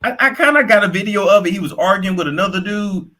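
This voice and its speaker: A young man giving casual, profane gossip commentary, animated and quick to react, sometimes slipping into put-on accents. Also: high-pitched. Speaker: commentary host.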